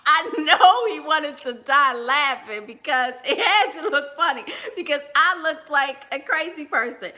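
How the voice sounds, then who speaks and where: A woman tells a personal story on a casual livestream. Her voice sits high and bright, and she takes her time. She laughs often and speaks straight to her viewers.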